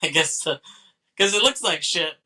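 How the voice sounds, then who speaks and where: A man's voice: a little high, normal speed, bright, forceful tone, rough recording. A man co-hosting a film podcast, casually retelling scenes with lots of fillers, laughter and quoted lines. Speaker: podcast co-host.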